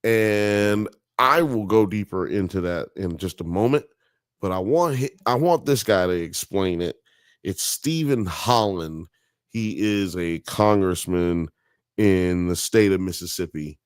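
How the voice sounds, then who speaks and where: A man's voice: deep voice, animated, measured pace, smooth, no room sound, studio quality. A man from Alabama with a Southern accent, hosting a podcast and rambling casually through profane, digressive commentary on a documentary. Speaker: podcast host.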